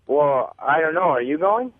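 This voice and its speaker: A man's voice: fairly high pitch, expressive, moderate pace, no room sound. A man calling in to a radio show, hesitant and full of fillers. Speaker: caller. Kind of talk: phone call to a radio show. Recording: dull phone line with faint hiss.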